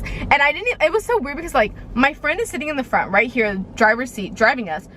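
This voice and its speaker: A woman's voice: sits high, animated, fast talker, hardly any pauses, a bit bright, slight background noise. Chatty young woman telling a storytime. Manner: chatty, rambling, heavy use of "like" and "okay". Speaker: vlogger. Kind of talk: storytime vlog.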